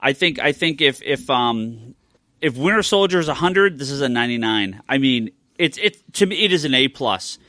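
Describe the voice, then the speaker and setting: Animated bright-voiced man, podcast co-host. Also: mid-range voice, normal speed, no room sound, clean studio sound. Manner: animated, stammering restarts. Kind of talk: casual chat.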